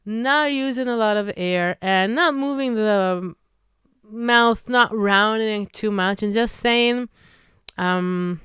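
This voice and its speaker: Israeli woman teaching pronunciation, unhurried drills, very clean voice, dry close sound. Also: medium pitch, a bit bright, smooth, no room sound. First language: Hebrew. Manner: slow, demonstrative, drawn-out vowel drills. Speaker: Hebrew teacher. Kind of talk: pronunciation lesson.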